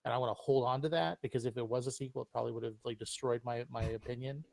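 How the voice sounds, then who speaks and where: A man's voice: medium pitch, steady tone, rapid-fire, gravelly, darkish tone, no room sound. A man joins as a guest reviewer and talks about favorite films in an earnest, casual way. His voice sits in a middle register. The sound is dry. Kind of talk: casual chat.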